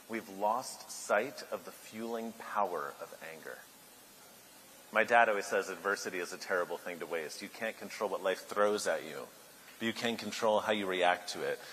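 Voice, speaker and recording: A man giving a keynote speech at a luncheon, an animated storyteller who builds to loud outbursts. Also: low voice, a little hiss or hum. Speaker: keynote speaker. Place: large banquet hall. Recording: echoey hall, faint ambience.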